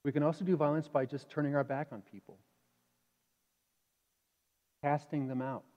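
A male pastor preaching a sermon in a conversational, animated way, asking the congregation questions. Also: a little high, normal speed. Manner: animated, acts out inner voices. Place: church sanctuary. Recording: dull reverberant church hall.

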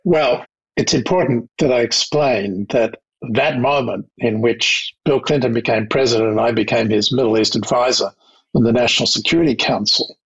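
An older man with an Australian accent, recounting his diplomatic career in a measured, anecdotal interview manner. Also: medium pitch, husky, highs cut off. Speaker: guest, diplomat. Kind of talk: reflective interview storytelling.

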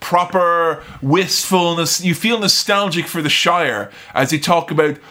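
A man's voice: fairly high pitch, measured pace. A man with an Irish accent, co-hosting a casual chat and joking animatedly. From Ireland. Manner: animated, jokey, slips into impressions. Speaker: podcast co-host. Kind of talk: casual chat watching a film.

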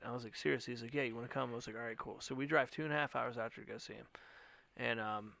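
A man telling stories in casual chat, animated and profane, acting out quotes loudly. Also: medium pitch, creaky, no echo.

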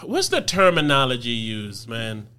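A man's voice: medium pitch, big pitch swings, unhurried, sharp tone, smooth. A man co-hosting a podcast, telling a story in casual, slangy banter with lots of laughter. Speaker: podcast co-host.

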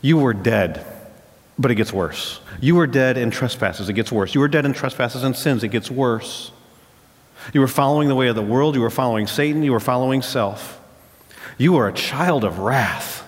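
A man's voice: medium pitch, moderate pace, long reverb tail. A married man preaching a sermon as a pastor, retelling a story and then driving points home with emphatic repetition.

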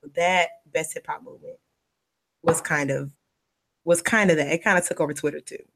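A woman co-hosting a podcast, telling stories in an animated, casual way with laughter. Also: sits low, normal speed, vocal fry. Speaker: podcast co-host. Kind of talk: casual chat.

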